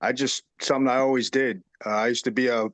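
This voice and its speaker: A man's voice: medium pitch, steady tone, quick pace, a bit bright, no room sound. Plainspoken New York man, dry. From New York City. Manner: plainspoken, stumbles then rolls on. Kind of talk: casual interview on a call.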